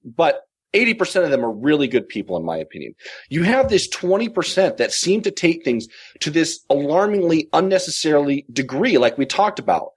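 A man with a husky, slightly breathy voice launches into an animated rant. His pitch swings widely as he builds the story in loose conversational chat. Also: brisk. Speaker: podcast panelist. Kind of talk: casual chat.

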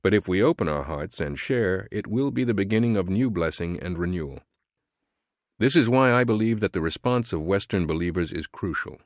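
Audiobook narrator, male, very low voice, earnest and measured, dry studio sound. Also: animated, no room sound.

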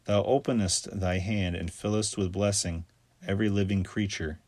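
A man reading scripture aloud in a steady, measured recitation. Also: fairly low pitch, dry recording. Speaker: scripture reader.

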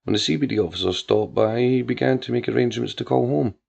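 A man narrating a crime drama story in a measured way. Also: mid-range voice, vocal fry, a little mellow. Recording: dull lo-fi with faint music.

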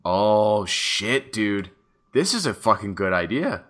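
A man co-hosting a casual chat show, talking in an excitable, rambling way and swearing freely. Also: lowish voice, takes it slowly. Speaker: podcast co-host. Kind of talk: casual chat about wrestling.

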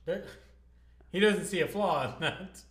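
A man's voice: sits high, measured pace, a bit bright, reverberant. A man in his thirties co-hosting a podcast, laid-back and giggly, mostly giving short replies. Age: 30s. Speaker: podcast co-host. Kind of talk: casual chat.

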